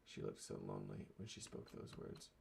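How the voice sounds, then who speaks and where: A man reads a visual novel's narration aloud, measured and subdued. His voice is deep and gravelly, and his pitch moves widely across the lines. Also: very animated, darkish tone, a little hiss or hum. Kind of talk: reading a game's narration aloud.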